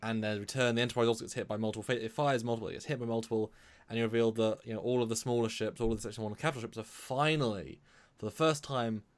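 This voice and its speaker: A British man co-hosting a live stream, talking fast and enthusiastically, often restarting his sentences. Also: mid-range voice, steady tone. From Britain. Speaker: co-host. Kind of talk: casual live-stream chat.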